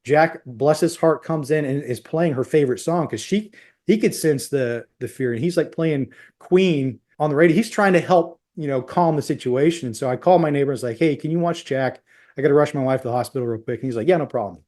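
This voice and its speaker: A man's voice: fairly high pitch, fairly quick, darkish tone. Intense man telling a personal story. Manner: intense, tumbling retelling with quoted dialogue. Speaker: podcast guest.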